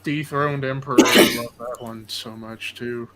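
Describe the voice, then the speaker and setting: A man in a casual podcast chat, enthusiastic and quick to laugh. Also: medium pitch, steady tone, over a noisy crowd.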